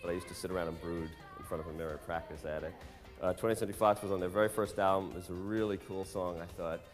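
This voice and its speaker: A man who writes and produces songs, talking candidly and wryly, his phrases sinking low at the ends. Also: fairly even intonation, in a large hall, faint music behind. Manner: fast, wry, trailing low at phrase ends. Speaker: songwriter and producer. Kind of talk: candid interview monologue.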